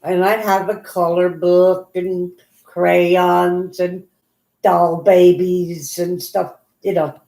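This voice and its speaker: A soft-spoken woman, interviewing and sharing her own story. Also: on the low side, flat delivery, takes it slowly, creaky. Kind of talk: casual conversation. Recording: echoey room.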